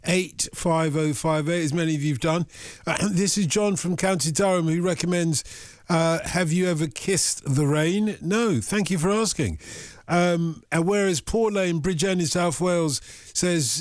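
Deadpan late-night radio host, man. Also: fairly high pitch, normal speed, no echo. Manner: dry, deadpan joking. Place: radio studio. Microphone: studio microphone.

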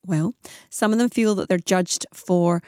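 On a morning radio phone-in, a chatty female presenter peppers listeners with quick questions and reads out phone numbers. Her voice is on the low side and a little mellow, recorded dry with clean studio sound.

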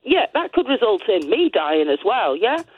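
A woman's voice: medium pitch, sing-song, moderate pace, breathy edge, dry recording. A woman calling in to a radio show, chatty and opinionated, rambling through her views in casual talk. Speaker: radio caller. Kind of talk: casual phone-in chat. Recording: tinny phone line.

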